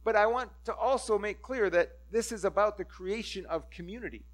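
A male pastor preaching a sermon, reading scripture and acting out its voices with lively energy. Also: high voice, brisk. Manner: animated, acts out scripture voices.

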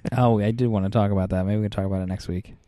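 A man co-hosting a casual podcast, teasing the others with quick jokes. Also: lowish voice, steady tone, mellow, no room sound, studio quality. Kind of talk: casual movie chat.

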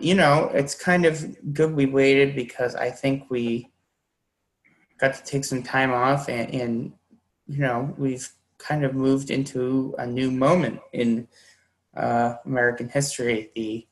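A man's voice: medium pitch, steady tone, slow, rough recording. A man hosting a podcast, talking casually and hesitantly with many fillers. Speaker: podcast host.

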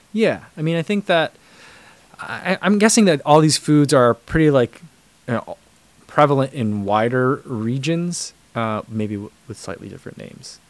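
Reading chat messages aloud on his livestream, a man from the United States talks casually in a medium-pitched voice, with plenty of fillers and false starts. There's no room sound in the recording.

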